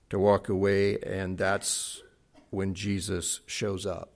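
A man preaching a sermon, retelling a Bible story with dramatic swings between loud acted quotes and soft, hushed passages. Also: sits low, little pitch movement, extremely slow, vocal fry. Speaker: pastor.

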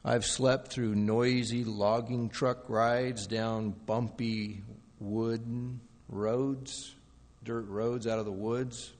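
A man preaching a sermon with dramatic shifts from soft, low passages to loud, pleading outbursts. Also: level tone, drawn-out words, in a large hall. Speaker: pastor.

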